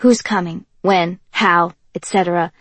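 A woman voicing a loud, teasing young man who swears casually, in an audiobook reading with a breathy, dry sound. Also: on the low side, steady tone, measured pace, no echo. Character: cocky joking young man, loyal friend. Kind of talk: audiobook character voice.

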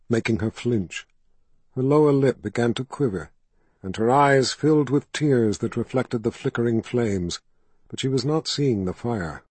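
A man narrating a fantasy novel as an audiobook, telling the story in a measured, steady way. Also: medium pitch, breathy edge, dry recording.

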